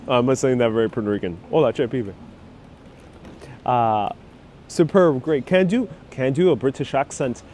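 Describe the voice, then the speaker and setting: A man's voice: medium pitch, expressive, fast talker, hardly any pauses, a little mellow, a little hiss or hum. A man hosting a casual live stream outdoors on a rainy city street, joking, self-deprecating and reading chat messages aloud through a clip-on mic. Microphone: wireless clip-on mic on a phone rig.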